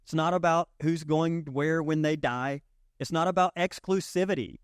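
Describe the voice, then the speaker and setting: A male pastor gives a conversational sermon in a fairly high voice. He keeps checking in with his listeners as he talks. The sound is dry and close. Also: steady tone, moderate pace, smooth, no echo.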